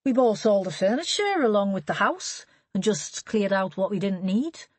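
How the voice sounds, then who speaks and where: A woman's voice: mid-range voice, big pitch swings, normal speed, breathy edge, dry recording, pitched above the performer's own voice. A woman voicing a wry gossiping man. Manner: chatty, wry and knowing. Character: genial middle-aged male shooting-set gossip. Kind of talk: audiobook character reading.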